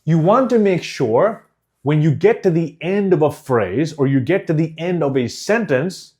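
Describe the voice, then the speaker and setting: A male speaking coach talks in a slightly high, very lively voice. He over-enunciates every syllable, leans on key words and drops in short pauses as he teaches. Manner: deliberate, over-enunciated, emphatic. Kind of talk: instructional course.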